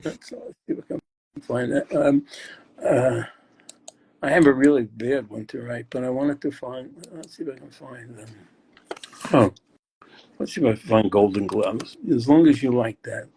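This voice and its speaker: An older man with a husky, slightly breathy voice talks about poetry and its rhythms as a guest. He rambles and stops to search aloud mid-thought, at an ordinary pitch for a man. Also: moderate pace, long pauses, warm tone. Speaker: guest poet. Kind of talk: casual chat explaining poetry.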